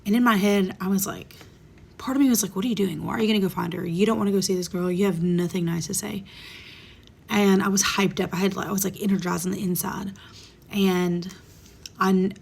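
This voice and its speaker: A woman's voice: mid-range voice, creaky, husky. A woman in her thirties telling a personal story in a candid, emotional way, sometimes dropping to a whisper. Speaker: vlogger. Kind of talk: casual storytime monologue.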